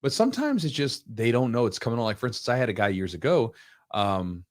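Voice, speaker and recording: A man hosting a podcast, telling coaching stories in a casual, animated way. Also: mid-range voice, no echo, studio quality. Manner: animated storyteller, quick, acts out quotes. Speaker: podcast host, jiu-jitsu coach. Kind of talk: casual storytelling chat.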